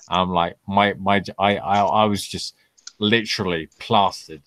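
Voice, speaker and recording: A man's voice: deep voice, steady tone, a little slow, fairly bright tone. A man hosting a casual livestream Q&A, laid-back and sweary, laughing often and calling people mate over a video call. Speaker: host.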